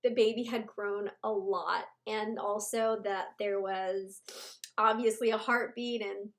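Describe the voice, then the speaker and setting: A woman in her thirties giving a casual personal update at home, halting and heartfelt, with pauses and restarts. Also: medium pitch, steady tone. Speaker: vlogger.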